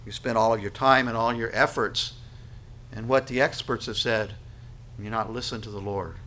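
A man preaching a sermon on scripture, earnest and emphatic, with dramatic pauses and little acted asides. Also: fairly low pitch, steady tone, bright, forceful tone, a little hiss or hum. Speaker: pastor.

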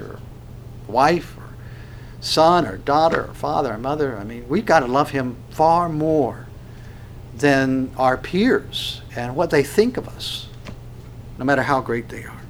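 A man preaching a sermon, swinging from loud, emphatic stresses down to hushed, quiet lines. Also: medium pitch, slight background noise.

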